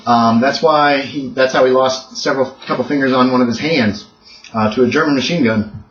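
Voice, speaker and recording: A man running a tabletop game as game master, explaining and coaching players in a relaxed way. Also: medium pitch, a little fast, slight background noise. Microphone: webcam mic. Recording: echoey room, far from mic, muffled.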